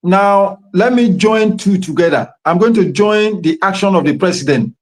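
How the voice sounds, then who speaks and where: A man's voice: high voice, normal speed. A man with a Nigerian accent, speaking as a guest over a remote audio call, impassioned and full of proverbs and pidgin. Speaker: guest commentator. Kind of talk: live online political discussion.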